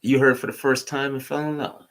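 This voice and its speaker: Male co-host, bright forceful tone, loose playful rambling chat. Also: medium pitch, fairly even intonation, fairly quick. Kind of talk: casual chat.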